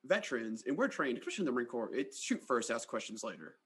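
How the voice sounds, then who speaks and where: A man's voice: medium pitch, big pitch swings, fast, fairly bright tone, husky. Guy hosting a podcast, easygoing, lots of "like", medium voice. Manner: conversational, uses "like" often. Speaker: podcast host. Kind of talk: casual podcast conversation.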